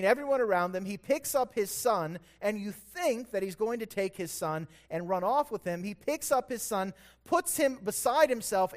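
High-voiced man preaching a conversational sermon. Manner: conversational preaching, corrects himself aloud; storytelling that builds in intensity. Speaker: pastor.

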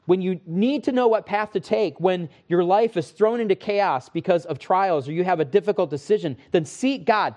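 An earnest man delivers a sermon from the pulpit, his voice sitting a touch higher than most men's. He leans on key phrases slowly and firmly, then loosens up with folksy asides and quick self-corrections. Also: darkish tone. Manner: earnest, emphatic preaching with slow stressed phrases. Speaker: pastor.

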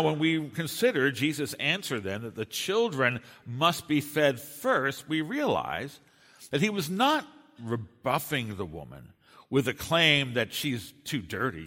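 A man delivers an expository sermon in a church, his voice at an ordinary middle pitch. He leans hard on key words, swinging up and down for emphasis and sometimes restarting a phrase. The sound carries a long hall reverb. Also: bright, forceful tone. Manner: emphatic, rising and dropping for stress, occasional restarts. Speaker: preacher.

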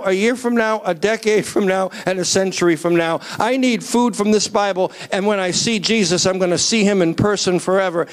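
Male preacher, high-pitched, animated sermon delivery that rises to near-shouts and calls on the congregation. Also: moderate pace. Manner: asks the crowd to raise hands.

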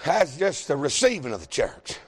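A pastor, preaching a folksy, joking sermon that builds to shouting. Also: male voice, fairly high pitch, sing-song, normal speed.

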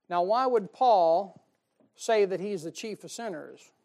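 A man preaches a little slowly in a high voice, with a folksy, emphatic style. He laughs at his own jokes and swings between loud stresses and soft asides.

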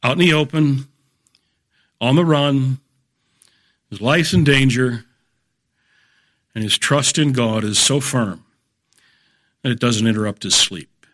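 Bright-voiced man teaching scripture. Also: mid-range voice. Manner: measured, emphatic, explains verse by verse. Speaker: Bible teacher. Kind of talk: expository Bible lecture.

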